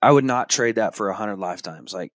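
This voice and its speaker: A man, hosting a podcast and telling a story in a casual way, acting out his young son's excited shouts. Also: fairly low pitch, a little fast, no echo. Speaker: podcast host.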